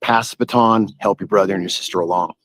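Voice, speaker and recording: A man's voice: low voice, fast talker, no echo, low-quality recording. A man hosting a live stream, chatting casually in a rambling, playful and earnest way. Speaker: livestream host.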